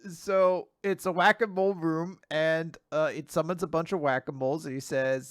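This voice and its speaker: A man's voice: fairly high pitch, steady tone, normal speed, hardly any pauses, smooth, no echo, studio quality. A young man hosting a casual manga recap podcast, chatty with laughing asides. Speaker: podcast host.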